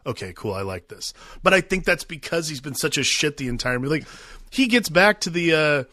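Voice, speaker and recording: A man's voice: a little high, lively intonation, a little fast, pushed and bright, no room sound, studio quality. A man co-hosting a podcast, analysing a film in a thoughtful, meandering way during a casual chat. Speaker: podcast co-host.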